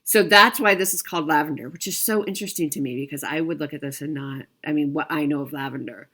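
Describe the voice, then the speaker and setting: A woman with a slightly low voice chats casually to her viewers, trailing off and circling back as she goes. She fills her sentences with ums and restarts. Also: fast talker, a bit bright. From United States. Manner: chatty, filler-heavy, frequent restarts. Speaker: cross-stitch video host.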